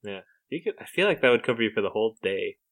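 A man's voice: lowish voice, animated, fast, a bit bright. Young man, podcast co-host, casual banter, joking, laughs a lot. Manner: joking, laughs often, tries out silly voices. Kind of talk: casual banter, improvising a story.

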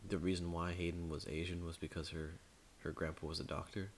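A man's voice: deep voice, level tone, a little fast, heavy background noise. A man co-hosting a podcast in casual chat, telling rambling stories with lots of fillers. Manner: rambling storyteller, many fillers. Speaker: podcast co-host.

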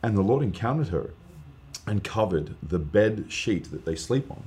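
A man, a guest preacher, telling an earnest, animated testimony story in casual podcast chat, with lots of fillers. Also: fairly low pitch, normal speed.

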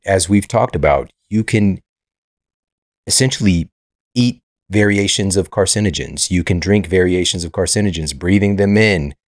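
A man's voice: sits low, no room sound, studio quality. A man hosting a podcast, talking earnestly and explaining in a casual interview. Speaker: podcast host.

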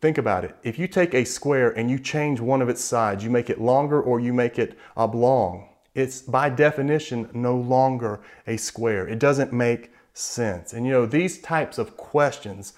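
Earnest male preacher, measured delivery. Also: medium pitch, a little mellow. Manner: earnest, measured, emphatic slowdowns on key words. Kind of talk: sermon.

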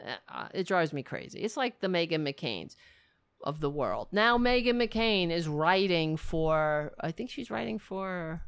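A woman's voice: low voice, very animated, unhurried, clear, resonant tone. A woman hosting a livestream from home, ranting about politics in a sarcastic, profane, exasperated way. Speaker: livestream host. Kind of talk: casual political rant. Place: home in a city apartment.

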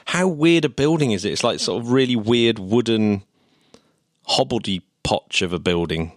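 A man's voice: lowish voice, animated, normal speed, no echo, studio quality. A man co-hosting a casual podcast, chatty and eager, often laughing as he explains things. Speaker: podcast co-host.

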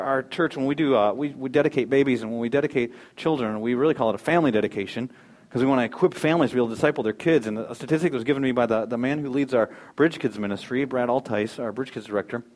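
A man preaching a sermon as pastor to his church, reading scripture and pressing his points with emphatic, rising exhortation. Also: medium pitch.

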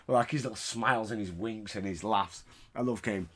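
A man hosting a casual podcast, recapping wrestling in an animated, sweary way with frequent laughter. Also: lowish voice, a little fast, breathy edge. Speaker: podcast host.

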